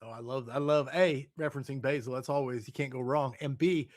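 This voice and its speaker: A man's voice: mid-range voice, fairly even intonation, brisk. A man hosting a podcast, enthusiastic and casual, reading out listener questions while getting over an illness. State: recovering from illness. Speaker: podcast host.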